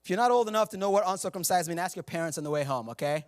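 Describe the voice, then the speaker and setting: A man's voice: high-pitched, racing. A man preaching a sermon as pastor, joking and conversational, laughing at himself between scripture readings. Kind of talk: humorous sermon. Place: church sanctuary.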